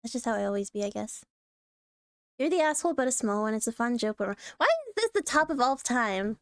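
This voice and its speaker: A woman streaming casual commentary on online posts, talking bluntly with swearing, frequent throat clearing and lots of laughter. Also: fairly high pitch, expressive, quick pace, no echo, clean studio sound.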